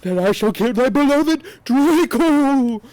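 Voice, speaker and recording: A man voicing a menacing evil male dark wizard who booms archaic commands in a comedic dramatic reading. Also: lively intonation, slow pace, dry recording, heavily acted, poor audio. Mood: booming menacing.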